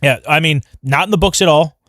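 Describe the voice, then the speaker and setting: A man's voice: fairly high pitch, brisk, fairly bright tone, dry recording, clean studio sound. A man co-hosting a casual livestream review, rambling loosely and laughing often. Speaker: podcast co-host. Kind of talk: casual fan review chat. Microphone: livestream microphone.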